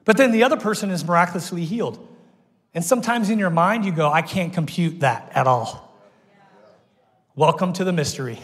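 A man's voice: high-pitched, brisk, pauses often, husky. A man preaching a sermon as pastor, telling stories with energy and acting out the people he quotes. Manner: animated storytelling, acts out quoted voices. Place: church auditorium. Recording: long reverb of a church hall.

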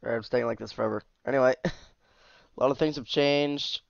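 A man's voice: medium pitch, fairly even intonation, brisk, gravelly, dry recording, lo-fi sound. A man casually commenting as he shows off a game mod, easygoing and chatty, sounding tired. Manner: chatty, easygoing, with asides and trailing off. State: tired, yawning. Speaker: mod reviewer.

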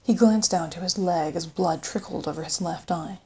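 A woman reading an audiobook in steady scripted narration. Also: fairly low pitch, moderate pace, slightly rough. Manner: steady storytelling read.

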